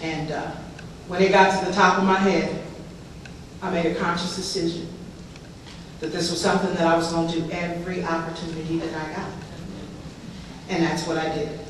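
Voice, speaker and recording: A woman in her forties shares her recovery story with an audience in a lively, humorous way, often laughing as she talks. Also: fairly low pitch, normal speed, pauses often. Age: 40s. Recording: echoey room, distant mic, background noise.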